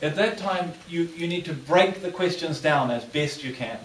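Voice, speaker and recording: A man's voice: fairly high pitch, normal speed, fairly bright tone, slight background noise. A male lecturer giving a classroom lecture with a patient, plain instructive delivery. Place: lecture room. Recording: echoey room from far off.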